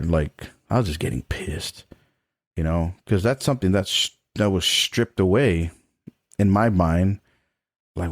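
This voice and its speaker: A middle-aged man with a low voice, a professor of trombone, guests on a podcast and frankly tells a personal story in conversation. His casual manner includes free swearing and laughter between points. There's no echo, just clean studio sound.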